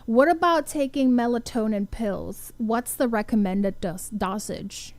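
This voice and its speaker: Slow-talking high-voiced woman radio host. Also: darkish tone, no room sound. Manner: chatty, hesitant questions with fillers. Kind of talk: radio talk show interview.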